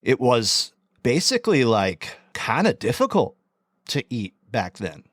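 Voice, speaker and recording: A man's voice: medium pitch, huge pitch swings, measured pace, fairly bright tone, no echo. Male co-host, easygoing musing, dry close sound. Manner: rambling, musing. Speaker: podcast co-host. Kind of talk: casual chat.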